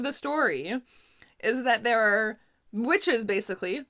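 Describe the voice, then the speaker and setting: A woman's voice: on the high side, slow pace, sharp tone. A young woman from Canada chatting casually about books she has read, laughing often and filling her talk with little asides. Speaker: booktuber. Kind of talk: casual book review chat.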